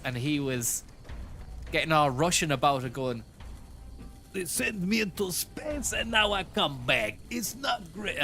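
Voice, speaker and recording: A man's voice: a little high, bright, forceful tone. Sweary man hosting a game stream. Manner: sweary, jokey, thanks viewers for tips. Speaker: streamer host. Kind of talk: casual gaming stream chat.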